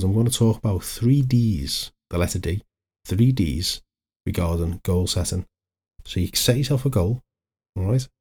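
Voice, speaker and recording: A man's voice: fairly low pitch, warm tone, slightly rough. A middle-aged man, hosting a solo motivational podcast in a chatty, anecdotal way that wanders into side stories. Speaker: podcast host, life coach.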